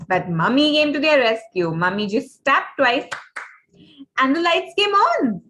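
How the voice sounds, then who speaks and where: A woman's voice: high-pitched, big pitch swings, unhurried, fairly bright tone, slight background noise, rough recording. A young woman telling a story to a children's class, dramatic and asking the kids questions.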